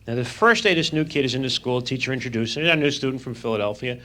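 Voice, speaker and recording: A man telling fast stand-up stories about his school days, on a crackly vinyl record. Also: mid-range voice, sharp tone. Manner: fast anecdotal delivery. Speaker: stand-up comedian. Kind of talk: stand-up storytelling.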